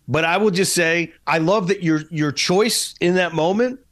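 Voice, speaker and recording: A man co-hosting a podcast in casual chat, talkative and quick to laugh. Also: high-pitched, a bit bright. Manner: laughs often, eager and talkative.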